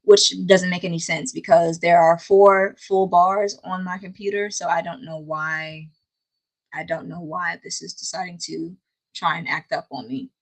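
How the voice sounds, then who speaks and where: A woman's voice: on the low side, unhurried, poor audio. Giggly woman recapping anime. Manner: laughs often, animated and playful; exasperated, scolding asides. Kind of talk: casual recap chat.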